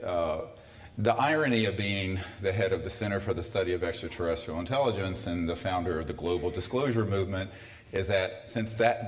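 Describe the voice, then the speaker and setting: A man in his sixties with a very low voice gives a talk to a live audience in a lecture hall. He speaks conversationally and drops in dry, sardonic asides. The room is echoey.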